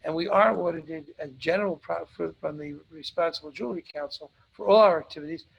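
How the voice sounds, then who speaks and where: A man's voice: a little high, fairly quick, vocal fry, dull audio, slight background noise. A man hosting a live webinar, answering audience questions in a blunt, emphatic way and repeating points for stress.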